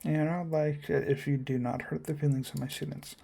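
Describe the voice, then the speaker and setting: Gravelly, mellow-toned man reading game dialogue. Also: a little high, little pitch movement. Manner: quick reading with frequent stumbles and restarts. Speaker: gamer voicing a visual novel.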